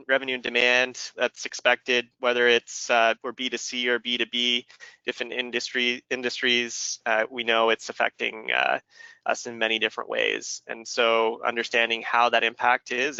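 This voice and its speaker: A man's voice: mid-range voice, vocal fry, pushed and bright, clear, resonant tone, dry recording. A man presenting a business webinar, explaining steadily and running audience polls over a computer mic. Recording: dull lo-fi webinar audio.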